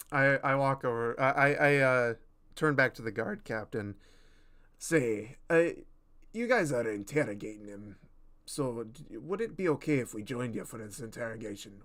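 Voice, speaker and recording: Player at the table, man, mid pitch, stumbling restarts. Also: lively intonation, fairly bright tone. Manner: halting, many restarts. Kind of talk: in-character tabletop play.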